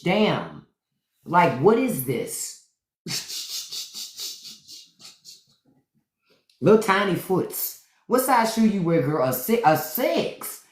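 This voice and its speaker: Deep-voiced woman, lively and profane. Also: extremely slow, long pauses, reverberant. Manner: profane, animated, acts out other people's voices. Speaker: podcast host on a live stream. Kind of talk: unfiltered comedic storytelling monologue.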